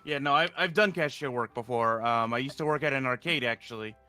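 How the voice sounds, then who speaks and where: A man's voice: mid-range voice, a little fast, sharp tone, clear, resonant tone, faint music behind. A man chatting casually on a stream, hesitant and often restarting his sentences. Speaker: VTuber streamer. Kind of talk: casual chat.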